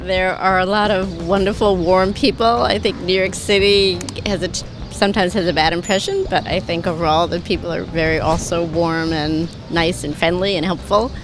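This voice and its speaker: A woman answering a street interview in a friendly, measured way. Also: on the low side, steady tone, noisy background.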